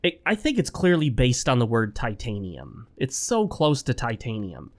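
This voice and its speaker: At home, a man hosts his own gaming channel, giving casual, opinionated commentary while playing and speaking straight to viewers in a rambling way. He sounds a bit sick, and his medium-pitched voice swings hugely in pitch at a normal speed.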